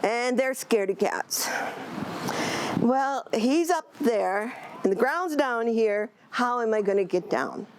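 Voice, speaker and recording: A woman storyteller telling traditional animal stories to a live audience with animated, expressive delivery and casual asides. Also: on the high side, slow, low-quality recording.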